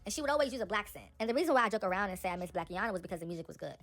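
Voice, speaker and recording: A young woman giving casual, animated celebrity gossip commentary, talking straight to her viewers. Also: medium pitch, rapid-fire, soft background music.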